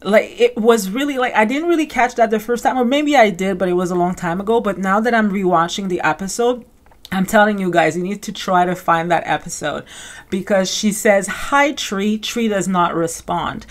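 A woman hosting a casual recap podcast, talking fast and loose with lots of fillers and acted-out quotes. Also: mid-range voice. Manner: chatty, many "like" fillers, acts out quotes. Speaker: podcast host.

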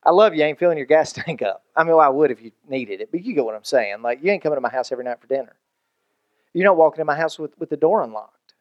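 A pastor preaching with easy humor, his voice sitting a bit higher than most men's. He jumps between chatty asides and acted-out quotes. The sound is dry and close, with no room echo. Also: fast, highs cut off. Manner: animated, conversational preaching with jokes and acted-out quotes. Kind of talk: sermon.

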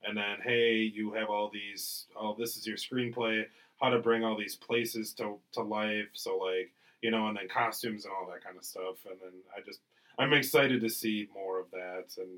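Rambling low-voiced podcast host. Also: male voice, fairly even intonation, normal speed, a bit bright, low-quality recording. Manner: rambling, filler-heavy. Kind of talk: casual chat.

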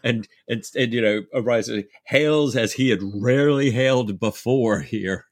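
A man's voice: mid-range voice, measured pace, no echo. A man co-hosting a book podcast, chatting enthusiastically about the story. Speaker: podcast co-host. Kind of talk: casual book discussion.

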